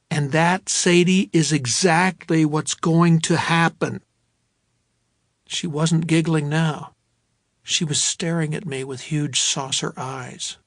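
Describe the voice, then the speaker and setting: Brief: male audiobook narrator, slightly higher voice, dry close studio sound, steady storytelling. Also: takes it slowly, no room sound. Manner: steady storytelling, voicing dialogue.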